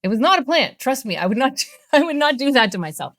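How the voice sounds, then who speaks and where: A middle-aged woman, a therapist, telling stories as a guest in an interview in a lively, expressive way. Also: high voice, fast. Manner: animated, expressive storyteller. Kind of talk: interview storytelling.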